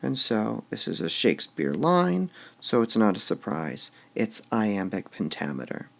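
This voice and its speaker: Slow, gravelly man teaching. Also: lowish voice, very animated. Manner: slow, deliberate, stressing syllables aloud. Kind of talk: classroom lecture on poetic meter.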